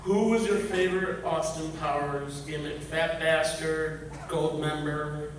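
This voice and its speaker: A man's voice: fairly high pitch, steady tone, a little slow, noisy background. A man in a convention audience asking an eager, self-deprecating question. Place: convention panel hall. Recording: echoey hall from far off.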